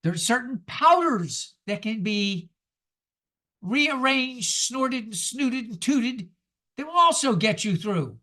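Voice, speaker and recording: A man in his seventies giving a sermon, emphatic and lively, asking the congregation rhetorical questions. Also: very high-pitched, slow pace. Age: 70s. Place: church sanctuary.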